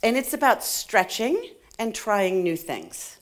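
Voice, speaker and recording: A middle-aged woman giving a playful, animated motivational talk to a live conference audience, laughing often and joking with the crowd. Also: mid-range voice, slow. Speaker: conference speaker. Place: conference hall stage.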